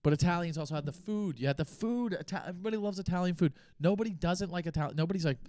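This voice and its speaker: A young man hosting his own podcast, thinking aloud in a rambling, unscripted way with pauses and restarts. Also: sits high, darkish tone, no echo, studio quality. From United States. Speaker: podcast host. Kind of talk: casual solo podcast talk.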